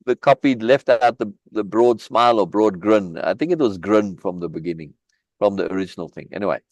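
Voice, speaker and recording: A man's voice: on the low side, brisk, no room sound. Emphatic man leading a reading group. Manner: emphatic, repeats words, restarts phrases. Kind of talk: live online book reading and commentary. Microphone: video call.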